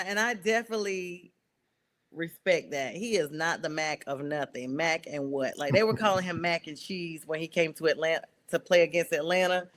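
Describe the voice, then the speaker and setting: A woman from North Carolina with a Southern accent, hosting a casual sports talk show, chatty and quick to laugh. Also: lowish voice. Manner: chatty, laughs often, animated asides.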